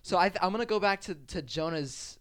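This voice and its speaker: A man co-hosting a casual podcast, playful and quick to do silly impressions. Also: high-pitched, animated, fairly bright tone. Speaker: podcast co-host. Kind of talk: casual chat.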